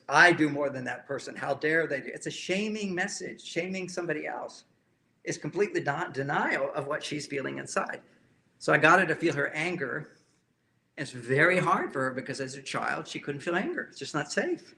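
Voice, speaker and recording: A man's voice: fairly high pitch, bright, forceful tone. A man speaking as a relationship counselor, giving an emphatic talk to a live audience and often repeating key phrases.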